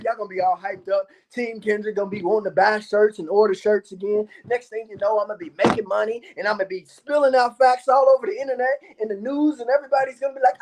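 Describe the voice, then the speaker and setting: A man's voice: very high-pitched, fast, a little mellow. A man delivering a profane, boastful monologue to his viewers as a YouTube commentator, repeating himself and cursing often. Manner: boastful, repetitive, swears a lot.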